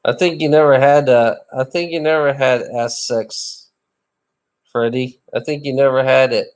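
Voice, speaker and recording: A man of middle pitch, talking in a loose, casual chat. He rambles and teases, circling back over his words with frequent restarts. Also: fairly even intonation, normal speed, clear, resonant tone. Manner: rambling and teasing, with many repeated restarts.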